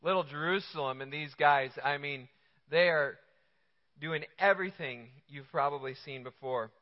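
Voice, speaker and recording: Pastor preaching in a reverberant hall. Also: male voice, on the high side, normal speed. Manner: conversational, rhetorical questions, playful asides. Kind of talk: sermon. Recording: dull lo-fi sound with long hall reverb.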